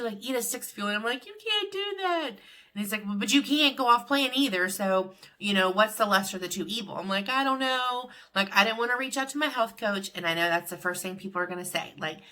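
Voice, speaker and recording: A woman's voice: lowish voice, sharp tone. A middle-aged woman vlogging in a chatty, rambling way about her week. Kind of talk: casual confessional vlog.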